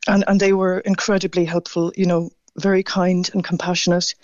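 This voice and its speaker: Halting, emotional male caller on a phone line. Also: high voice, flat delivery, a little mellow, no echo. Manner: halting, stammering, moved. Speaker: radio caller. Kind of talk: phone-in radio chat.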